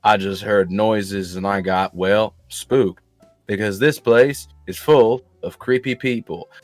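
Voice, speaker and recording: A man's voice: fairly low pitch, steady tone, slow pace, no room sound, soft background music. A man voicing a nervous, apologetic bear in a tabletop game, chatty and excusing himself.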